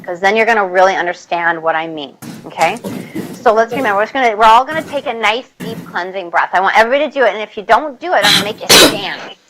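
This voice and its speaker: A woman nursing instructor giving a classroom lecture, energetic and coaxing as she leads the group through exercises. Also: medium pitch, quick pace. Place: lecture hall. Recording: loud background noise.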